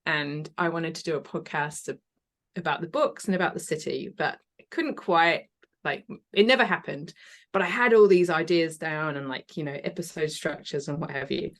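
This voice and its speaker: Woman guest, lowish pitch, chatty and eager, quick to laugh. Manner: chatty, enthusiastic, laughs often. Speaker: podcast guest. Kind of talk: casual interview chat.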